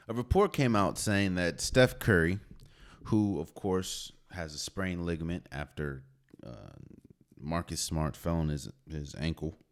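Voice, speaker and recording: A man with a low voice talks through his podcast on his own, casual and conversational. His pitch swings widely as he pushes his points. He restarts and repeats phrases as he goes. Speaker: podcast host. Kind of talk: solo sports talk.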